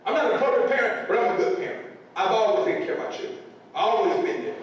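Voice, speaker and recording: A man's voice: high voice, fast, lo-fi sound, a little hiss or hum. A man in his forties giving a humorous motivational speech to teachers, telling stories with acted-out quotes and folksy grammar. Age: 40s. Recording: echoey hall from far off.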